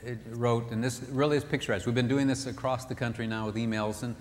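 A man's voice: mid-range voice, steady tone, fast. A man speaking at a marriage seminar, telling stories to an audience with emphatic repetition. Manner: storytelling, acts out quoted voices; emphatic, repeats phrases. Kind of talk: live seminar talk to an audience. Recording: reverberant hall, faint background noise.

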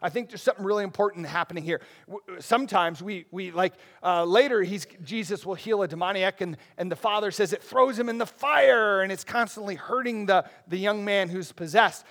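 The congregation hears frequent asides as a male pastor brings an expository sermon in a lively, conversational manner. His voice is high and his delivery brisk.

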